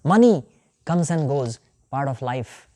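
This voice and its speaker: Indian woman teacher, low mellow voice, lively storytelling lecture. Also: measured pace. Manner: animated storytelling, acting out the characters' voices. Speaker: yoga and scripture teacher.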